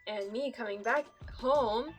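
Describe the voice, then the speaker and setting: A woman's voice: fairly high pitch, slow pace, soft background music. A woman from Canada telling stories in a casual, chatty vlog, laughing often and swearing casually. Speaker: vlogger.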